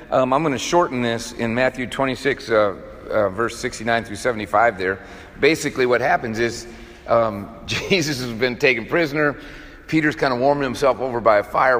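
A man's voice: fairly low pitch, a bit bright. A man preaching a casual sermon, telling the story in a folksy, conversational way with plenty of fillers. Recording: echoey hall with long reverb.

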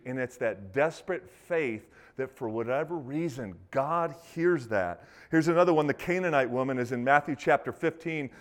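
A man preaching a sermon in a conversational, animated way, acting out the quotes he tells. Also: mid-range voice, normal speed, few pauses. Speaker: pastor.

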